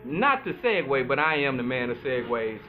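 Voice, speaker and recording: A podcast host and astrologer with a mid-range voice talks casually by himself, animated, chatty and playful, and drawls some words. His audio is tinny and phone-like, with faint music underneath.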